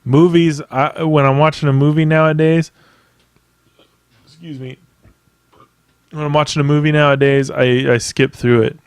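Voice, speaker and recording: A man's voice: on the high side, little pitch movement, normal speed, pauses often, smooth, no echo, studio quality. A man hosting a podcast by himself, ranting in a casual, rambling way with plenty of profanity and emphatic asides. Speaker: podcast host. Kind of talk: casual solo podcast rant.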